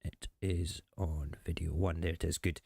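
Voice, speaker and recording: Deep-voiced, sarcastic host. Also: male voice, fairly even intonation, moderate pace, vocal fry, mellow, breathy edge, no echo. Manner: chatty, rambling, sarcastic. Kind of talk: casual political commentary.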